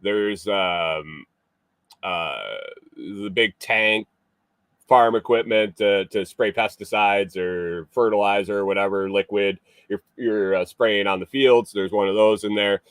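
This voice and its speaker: A man with a low voice telling a casual story as a show host. He rambles, circling back with fillers and restarts. The sound is dry and close. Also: steady tone, slow pace, clear, resonant tone, no echo.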